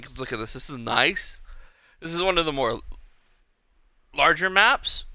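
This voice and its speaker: Guy, casual gameplay commentary, rambling and chatty, very bright voice, smooth clear tone. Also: mid-range voice, no room sound. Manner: rambling, chatty, talks to the game. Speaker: game streamer.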